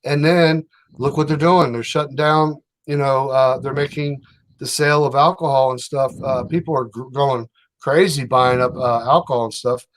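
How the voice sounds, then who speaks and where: Male livestream host, mid-pitched, rambling and hesitant, casual talk. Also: steady tone, normal speed, slight background noise. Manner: rambling, hesitant, full of fillers.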